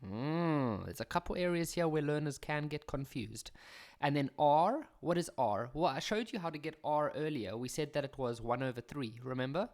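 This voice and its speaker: A man's voice: a little high, animated, moderate pace, darkish tone. A man with a South African accent teaching a maths lesson on video, chatty and fond of self-deprecating jokes.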